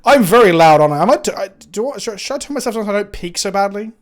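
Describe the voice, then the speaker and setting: Man, high voice, card game streamer, excitable, swears a lot, banters with chat, desk mic. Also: quick pace. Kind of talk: casual live-stream commentary.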